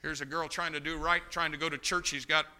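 A man preaching a sermon, telling a story with passion and swinging between loud bursts and hushed moments. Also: a little high, level tone, quick pace, clean tone. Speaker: pastor.

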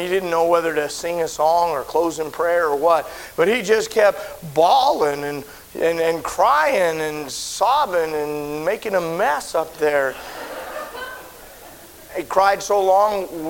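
Casting note: middle-aged male pastor, folksy storyteller, slightly high voice, faint tape hiss. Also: low-quality recording. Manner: folksy storytelling, swelling to shouted preaching. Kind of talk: sermon storytelling. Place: church auditorium.

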